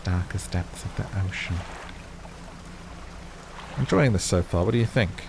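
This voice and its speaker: Gravelly man chatting over game. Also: sits low, background noise. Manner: chatty, talks to viewers, startled outbursts. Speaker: gaming channel host. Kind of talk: casual game commentary. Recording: game sounds loud behind voice.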